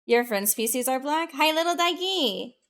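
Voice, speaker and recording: A woman VTuber streamer chatting casually with her live viewers, excitable and profane, jumping between loud bursts and muttered asides. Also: high-pitched, moderate pace.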